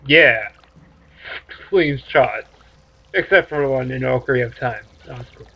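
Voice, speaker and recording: A man's voice: medium pitch, normal speed, gravelly. A man commenting on a game he is playing, joking and crude in laid-back asides. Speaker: let's play host. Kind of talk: gameplay commentary. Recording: dull lo-fi mic with game music.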